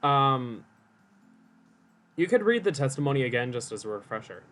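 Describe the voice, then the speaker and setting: Give me a wry, talkative man with a lively, animated voice. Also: mid-range voice, normal speed. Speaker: co-host. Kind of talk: casual gameplay chat.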